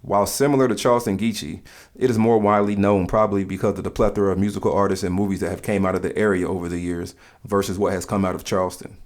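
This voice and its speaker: A man narrating in a calm, measured, scripted way, explaining things to the listener. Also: sits low.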